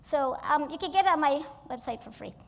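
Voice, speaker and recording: A woman motivational speaker giving a keynote on stage, energetic and coaxing the audience to join in. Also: high-pitched, fairly quick, vocal fry, in a large hall. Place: stage in a large hall.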